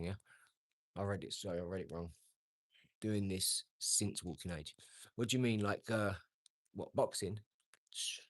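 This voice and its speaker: A man, talking brashly and boastfully on his own live stream, answering comments. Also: lowish voice. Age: 40s. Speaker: livestream host.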